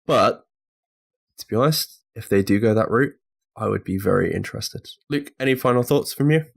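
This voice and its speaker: A man hosting a casual gaming podcast, animated and sweary, steering the talk between guests. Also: fairly low pitch, moderate pace, vocal fry. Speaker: podcast host.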